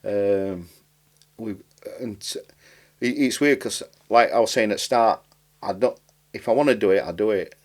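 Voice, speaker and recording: A man with a fairly low voice speaks a little slowly in a broad Barnsley, South Yorkshire accent. The writer and comedian, a native of Barnsley, is a podcast guest in a casual interview, rambling and dropping words.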